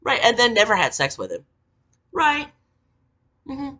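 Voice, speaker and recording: A woman's voice: a little high, huge pitch swings, measured pace, bright, forceful tone, a little hiss or hum. A woman telling an angry storytime rant about an old job, swearing heavily and venting. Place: Tennessee.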